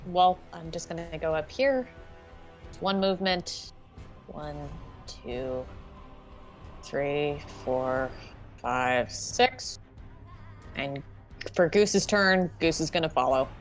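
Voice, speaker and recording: A soft-spoken woman playing a tabletop game, counting out her moves. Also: sits low, takes it slowly, pauses often, faint music behind. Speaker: player. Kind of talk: casual tabletop play.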